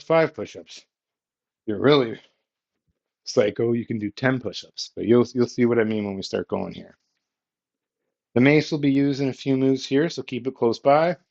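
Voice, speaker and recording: A man leading a yoga workout with calm, encouraging step-by-step cues. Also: medium pitch. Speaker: yoga instructor. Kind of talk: guided workout instruction. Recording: slightly muffled, lo-fi audio.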